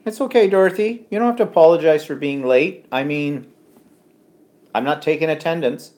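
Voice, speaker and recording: A man's voice: fairly high pitch, moderate pace, a little mellow. Man, live-stream co-host at home, chatty, reads viewer comments, casual. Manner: chatty, reads comments aloud, frequent ums.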